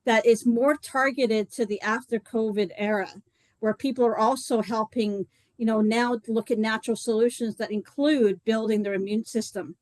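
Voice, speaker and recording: A woman talks in a chatty, rambling way and fills her story with "like" and "you know." Her voice sits a little high and sounds dry and close, with almost no room around it. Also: fairly even intonation, normal speed, darkish tone, no room sound, poor audio. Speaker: co-host presenting a detox program. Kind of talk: live online talk, personal story.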